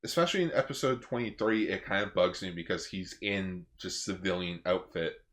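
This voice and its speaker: A man co-hosting a podcast in casual chat, talking in a relaxed, matter-of-fact way. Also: sits low, a little fast. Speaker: podcast co-host.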